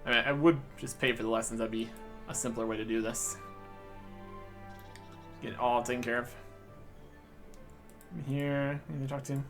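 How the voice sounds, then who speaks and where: A man giving casual, low-key gameplay commentary, muttering short notes to himself as he plays and reads in-game dialogue aloud. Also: steady tone, normal speed, long pauses, fairly bright tone, faint music behind. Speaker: gamer reading dialogue aloud.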